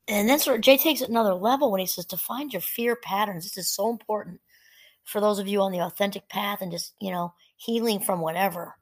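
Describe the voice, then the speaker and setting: A woman hosting a solo talk, speaking gently and conversationally, reading quotes aloud now and then. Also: medium pitch, brisk. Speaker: podcast host. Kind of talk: reflective solo talk on fear and mindfulness.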